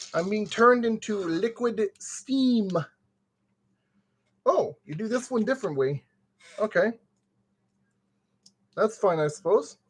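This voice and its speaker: Male streamer, slow and drawly, playful self-talk, goofy exclamations, hot and sweaty. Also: high voice. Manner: playful, muttering to himself, goofy made-up exclamations. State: sweating in summer heat. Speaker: streamer building a kit. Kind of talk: casual live-stream commentary.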